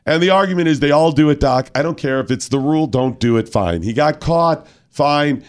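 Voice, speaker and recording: A man's voice: a little high, fairly quick. A man hosting a talk radio show, ranting emphatically with mocking quotes. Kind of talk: opinionated talk radio commentary.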